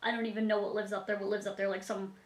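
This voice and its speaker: A Canadian woman in her twenties answers viewer questions in a casual Q&A vlog, giggling and filling her speech with fillers. Her voice is medium-pitched and level, and she talks very fast in an echoey room.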